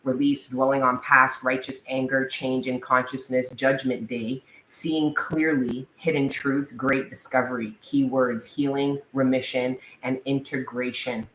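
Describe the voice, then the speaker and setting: A woman giving a casual tarot reading in a chatty manner, swearing freely and reading the card text slowly. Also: extremely low pitch, flat delivery, a bit bright. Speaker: tarot reader. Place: indoors, room with a live wasp. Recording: echoey room, faint background noise.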